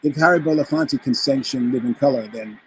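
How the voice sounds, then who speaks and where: Animated storytelling man from the Bronx. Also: mid-range voice, fairly quick, slight background noise, low-quality recording. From the Bronx, New York. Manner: animated anecdote teller who acts out quoted voices. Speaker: guest musician. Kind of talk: casual interview storytelling.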